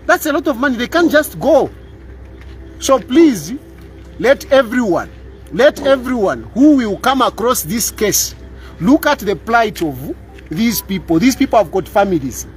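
A man's voice: high voice, big pitch swings, a little slow, faint music behind. A middle-aged man with a Zambian accent, a lawyer making an impassioned appeal to camera, repeating himself and tagging lines with "eh?". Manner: emphatic, repeats lines, tags "eh?" for agreement. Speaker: public lawyer.

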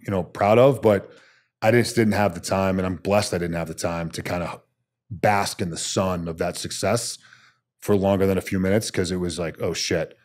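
A man's voice: low-pitched, a little mellow. A man, a former soldier, telling his story bluntly and emphatically as a podcast guest, swearing casually.

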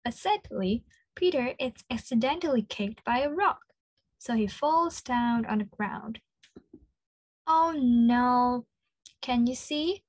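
High-pitched encouraging woman teaching kids. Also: expressive, no room sound. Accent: Australian. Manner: slow, encouraging, praising. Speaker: children's speech clinic presenter. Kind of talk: interactive children's lesson.

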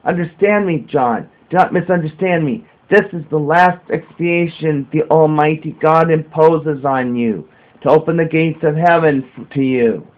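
A man voicing a grieving spiritual master who speaks softly and solemnly, consoling a weeping follower. The voice sits slightly high. The sound is dull and lo-fi. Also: moderate pace, lightly acted. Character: gentle, sorrowful male spiritual master. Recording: dull lo-fi home recording.

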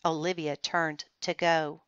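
A woman reading a children's chapter book aloud in a slow, careful and expressive manner. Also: low-pitched, smooth, no echo. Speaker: storybook reader. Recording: slightly dull, muffled recording.

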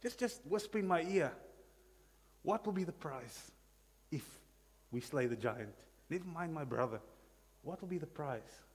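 A man playing the young shepherd David, asking urgent, excited questions in a sermon. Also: very high voice, fast, few pauses, slightly rough, pitched above the performer's own voice, exaggerated voice. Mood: eager. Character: eager bold young shepherd David, male. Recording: long reverb of a church hall.

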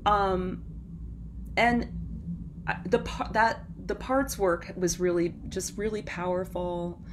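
A woman's voice: on the low side, steady tone, slow, noisy background. A woman guest on a podcast, telling her story in a rambling, self-interrupting way and laughing often. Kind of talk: casual interview chat.

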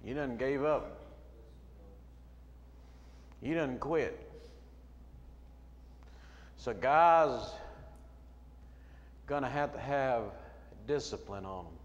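A middle-aged man preaching a sermon as a pastor, moving between quiet storytelling and loud shouting. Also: mid-range voice, drawn-out words, pauses often, dull audio. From United States. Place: church sanctuary. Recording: long hall reverb, faint room noise.

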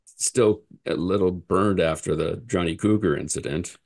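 A man's voice: sits low, normal speed, vocal fry, darkish tone. A man hosting a podcast, asking his guest questions in a loose conversational way with hesitant asides. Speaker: podcast host. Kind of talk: interview questions.

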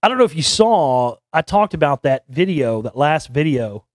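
A man's voice: on the high side, sing-song, moderate pace, no room sound, studio quality. Rambling, blunt man in his forties. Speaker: show host. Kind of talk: casual monologue.

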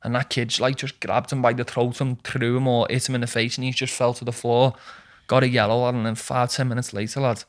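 A young man, a footballer guest telling animated stories in casual chat and calling everyone "lad". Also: mid-range voice, brisk. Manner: animated storytelling, says "lad" constantly.

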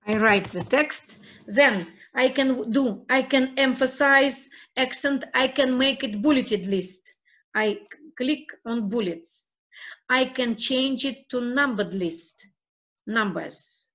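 A woman from Russia, a teacher talking through a screencast tutorial in a halting way that repeats her words as she clicks. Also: a little high, fairly bright tone, muffled recording.

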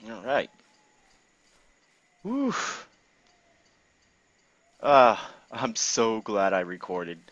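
A man commentating his own gameplay casually, excitable, laughing and swearing often. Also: fairly low pitch, slow pace, hardly any pauses, dry recording, dull audio.

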